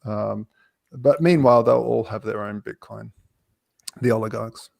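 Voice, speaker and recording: A man's voice: on the low side, fairly even intonation, unhurried, gravelly, a little mellow, dry recording, studio quality. A man on a discussion panel, talking animatedly with some stammering and acted-out quotes. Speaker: panel guest. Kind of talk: casual discussion.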